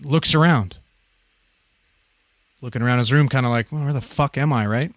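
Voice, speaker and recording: A man in his thirties telling a story on a podcast in a casual, profane, animated way, often laughing. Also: mid-range voice, normal speed, dry recording.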